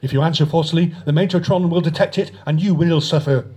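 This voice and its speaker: A man's voice: on the high side, fairly even intonation, fast, warm tone, breathy edge, voice pushed up. A man voicing a domineering male alien commander who interrogates a prisoner, in a read-aloud story. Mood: threatening. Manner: barking, commanding.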